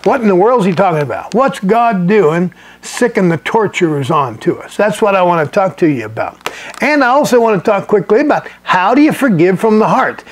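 Folksy high-voiced preacher man. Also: expressive, a little fast, a little hiss or hum. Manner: folksy, conversational, with frequent restarts and chuckles. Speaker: pastor. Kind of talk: sermon teaching.

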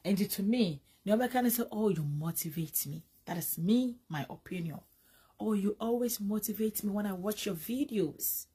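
A woman's voice: medium pitch, normal speed, warm tone, slightly rough. A Ghanaian woman vlogger giving casual commentary, mixing English and Twi with emphatic repetition, a bit drowsy from medication.

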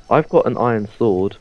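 A man's voice: lowish voice, darkish tone, low-quality recording. A man chatting casually while playing a video game, teasing his friends and laughing often. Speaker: player.

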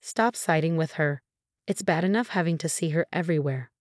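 A woman's voice: low voice, a little fast, no echo, clean studio sound, lightly acted. A woman voicing a scornful middle-aged mother-in-law in a narrated story, with a mocking, dismissive manner.

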